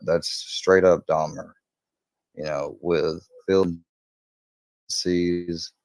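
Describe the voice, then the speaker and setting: A man's voice: deep voice, fairly even intonation, drawn-out words, no echo. A man telling a crime story in a casual, rambling way, swearing often and acting out quoted lines in a raised voice.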